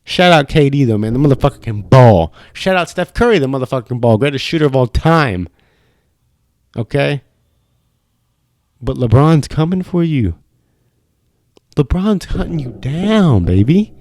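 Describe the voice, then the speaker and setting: A man's voice: mid-range voice, expressive, a little slow, long pauses, a little mellow, no room sound. A young man hosting a podcast in a studio, ranting loosely and swearing constantly in casual chat. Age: young adult. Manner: profane, ranting, fired up. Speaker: podcast host.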